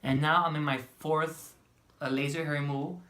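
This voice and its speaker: A woman chatting through a storytime vlog, animated and chatty, acting out bits of dialogue. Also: sits low, moderate pace. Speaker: vlogger.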